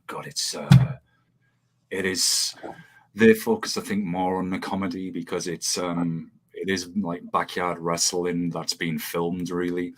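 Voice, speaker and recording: A man talks in a loose, rambling way, restarting sentences and breaking into laughter. His voice sits very low and has a husky, slightly rough edge. He comes across as an easygoing podcast host. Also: flat delivery, a little slow. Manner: rambling, laughs often, many fillers and restarts. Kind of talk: casual chat.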